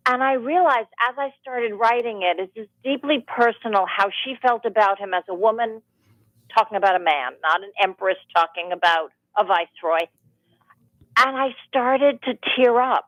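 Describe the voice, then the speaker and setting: A woman's voice: fairly high pitch, no echo. Woman author chatting on radio, storytelling, tangents, dry dull studio sound. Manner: animated storytelling, rambling with restarts. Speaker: author and audiobook narrator, guest. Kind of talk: radio interview.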